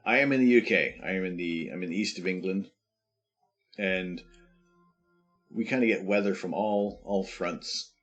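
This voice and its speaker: Low-voiced Canadian man, relaxed chat. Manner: relaxed, reads viewer questions aloud and answers them. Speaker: streamer. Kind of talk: casual live-stream chat.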